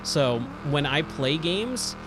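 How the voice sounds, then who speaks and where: A man's voice: fairly high pitch, expressive, takes it slowly, background noise. A man in his forties chatting casually while streaming a racing game, rambling with many fillers, his voice a little worn. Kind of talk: casual live-stream commentary.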